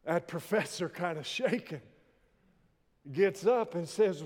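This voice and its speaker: A man preaching a sermon, reading scripture and telling stories with shouted quoted lines. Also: a little high, a little slow. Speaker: pastor. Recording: long reverb of a large hall.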